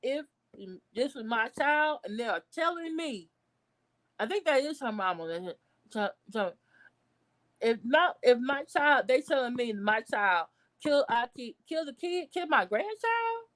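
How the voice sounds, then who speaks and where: A woman vlogger giving casual livestream commentary, blunt, outraged and profane, with sudden high outbursts. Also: sing-song, measured pace, a bit bright.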